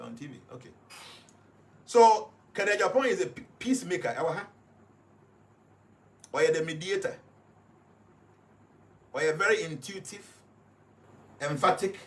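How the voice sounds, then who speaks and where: Emphatic Ghanaian man, slightly high voice. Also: slight background noise. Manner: emphatic, repeats points to stress them. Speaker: guest analyst. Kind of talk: explanatory commentary.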